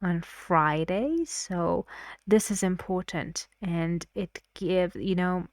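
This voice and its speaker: Woman English teacher, young adult, unhurried and careful, models the stress in example lines; close, dry sound. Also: on the low side, level tone, dark tone, dry recording. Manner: slow, careful explaining, acts out stressed words in example sentences. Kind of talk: recorded lesson explanation.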